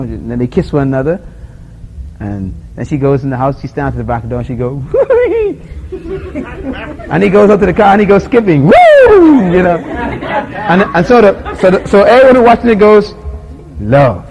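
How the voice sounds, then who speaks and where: Speaking fairly quickly in a medium-pitched voice, a man delivers a conversational sermon about love, acting out little scenes, chuckling often and putting questions to his listeners. His storytelling is animated, full of quotes. The recording is rough, with a bit of hiss or hum and some chatter in the background.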